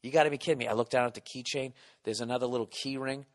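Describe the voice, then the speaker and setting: A man's voice: mid-range voice, fairly even intonation, racing, long reverb tail. A middle-aged man hosting a podcast, telling a comic story in a profane, exasperated rant. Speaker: podcast host.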